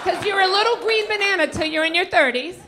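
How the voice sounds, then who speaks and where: A woman's voice: very high-pitched, fast. A woman doing a stand-up set in a comedy club, brassy and teasing people in the audience. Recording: live club audio with crowd noise.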